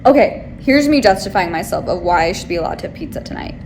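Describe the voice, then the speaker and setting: Young woman, casual vlog chat, rambling and venting, mid-pitched, faint background noise. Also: lively intonation, fast, a little mellow. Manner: rambling, venting, many filler likes. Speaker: vlogger.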